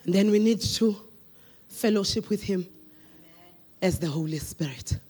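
A woman with a South African accent preaching a sermon, shouting declarations and chanting in rhythmic bursts. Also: medium pitch, unhurried, slightly rough.

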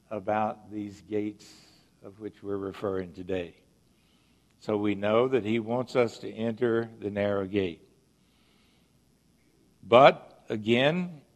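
Slow, deliberate preaching man. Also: mid-range voice. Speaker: pastor. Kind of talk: sermon.

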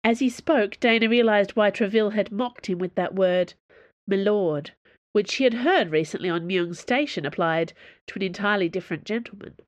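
A woman narrating an audiobook in a measured, expressive way. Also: medium pitch, no echo.

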